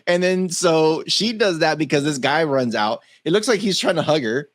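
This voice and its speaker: Laid-back joking man with a lively voice. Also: on the high side, moderate pace, dry recording. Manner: loose, joking, laughs often, swears. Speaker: podcast co-host. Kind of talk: casual tech-news chat.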